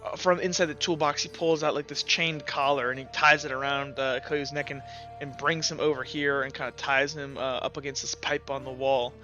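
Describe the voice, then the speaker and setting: A man's voice: mid-range voice, steady tone, brisk, pushed and bright, highs cut off, soft background music. A man narrating as game master, rambling with many fillers and some swearing.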